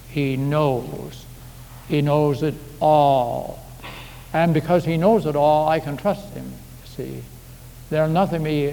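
In a church sanctuary, a pastor delivers his sermon in a folksy, chatty style, filling it with homely anecdotes. His voice is a little high, gravelly and slightly mellow. The hall echoes, and a faint hiss runs underneath.

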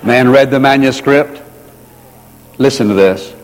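Man preaching, earnest, drags out the big lines and says them again, long echo from a big hall. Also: mid-range voice. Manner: earnest, slows down and repeats key phrases for emphasis. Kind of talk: sermon. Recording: long reverb of a large hall.

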